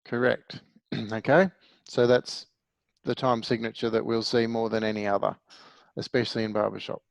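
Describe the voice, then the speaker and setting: A man's voice: lowish voice, flat delivery, normal speed, vocal fry, dry recording, rough recording. A middle-aged man teaching music theory in a patient, explanatory way, often putting questions to his class. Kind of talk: online music theory lesson.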